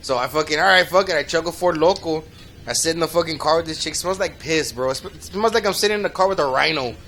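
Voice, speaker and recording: A man with a gravelly, bright voice, pitched a little high, tells crude stories on a casual podcast. He swears constantly and acts out the dialogue with lots of energy. A faint hum sits behind him. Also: quick pace. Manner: profane, animated, acts out dialogue. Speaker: podcast co-host. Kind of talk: casual storytelling chat.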